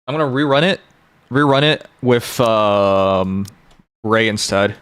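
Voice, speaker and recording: A man's voice: fairly low pitch, slow, fairly bright tone, clear, resonant tone, no echo, clean studio sound. A young man streaming a game, chatting casually and thinking aloud as he plans his teams. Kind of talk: casual gaming livestream chat.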